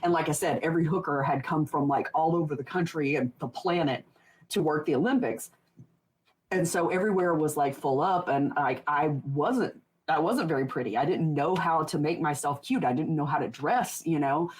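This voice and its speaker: Guest, woman in her 40s: husky, low-pitched, laughs a lot as she tells stories. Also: normal speed, darkish tone. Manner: rambling, laughs often, many restarts. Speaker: podcast guest. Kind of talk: casual interview storytelling.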